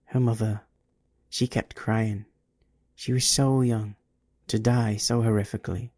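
Storybook figure: a creepy thin-voiced companion, pitying and mocking, read by a man in a dark, husky tone. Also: mid-range voice, level tone, unhurried, no room sound, voice pushed up.

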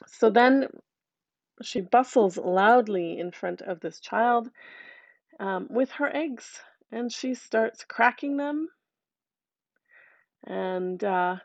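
A woman telling a folktale aloud in a lively, conversational way with asides to listeners. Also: a little high, slow pace, pauses often, dry recording. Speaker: storyteller.

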